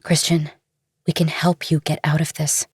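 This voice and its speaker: A husky, caring young woman. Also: sits low, little pitch movement, normal speed, dry recording, clean studio sound. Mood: pleading. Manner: soft, earnest pleading. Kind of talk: audiobook dramatization.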